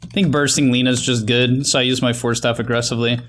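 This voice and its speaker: A man commentating his own match in a casual, thinking-aloud way, critiquing his plays with restarts and quick laughs. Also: medium pitch, little pitch movement, fairly bright tone, faint music behind. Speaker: gameplay commentator.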